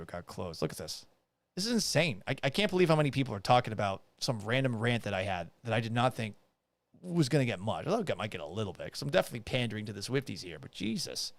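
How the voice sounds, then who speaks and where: A man hosting a radio-style talk show, ranting loudly and profanely with exasperation. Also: mid-range voice, creaky, no echo. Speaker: radio broadcaster and show host. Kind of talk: loud ranting commentary.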